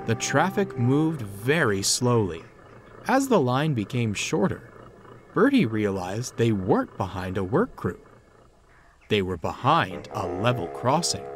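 A man narrating a children's story in an expressive storytelling manner. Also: medium pitch, slow pace, faint music behind.

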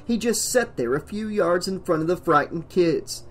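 Higher-voiced man narrating a horror audiobook. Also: lively intonation, normal speed, fairly bright tone, a little hiss or hum.

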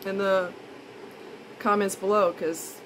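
A woman's voice: mid-range voice, flat delivery, slow pace, noisy background. Blunt, indignant woman vlogger. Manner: blunt, indignant, repeats points for emphasis. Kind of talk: casual monologue to camera.

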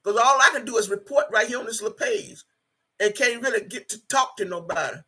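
A woman's voice: on the high side, a little fast, sharp tone, breathy edge. A woman in her sixties hosting a casual livestream from her home, reading viewer comments aloud in a blunt, profane and emphatic way and repeating herself. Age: 60s.

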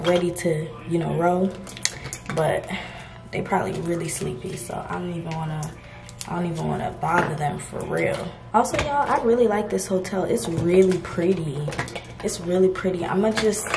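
A young woman from Georgia in the US, chatting casually to her viewers in a vlog, relaxed and slangy, calling them y'all. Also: on the low side, roomy sound. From Georgia, USA. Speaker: vlogger. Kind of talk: casual vlog chat to camera. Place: hotel room.

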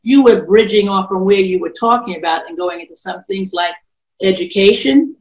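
A woman's voice: medium pitch, normal speed, darkish tone, dull audio. A woman raised in Brooklyn, New York, hosting a casual discussion in an emphatic, encouraging way. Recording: echoey room.

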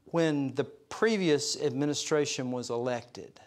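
A man pastor giving a conversational storytelling sermon at a church service, earnest and slowing down to stress his points. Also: medium pitch. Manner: conversational, chuckles through anecdotes; earnest, slows for emphasis.

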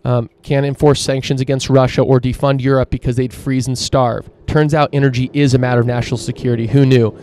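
A man's voice: medium pitch, little pitch movement, fast, hardly any pauses, darkish tone, slight background noise. A man hosting a solo opinion podcast, ranting emphatically and swearing freely. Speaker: podcast host.

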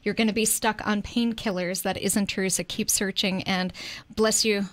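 A woman's voice: mid-range voice, steady tone, moderate pace. A woman co-hosting a talk radio show, encouraging a caller and speaking with feeling.

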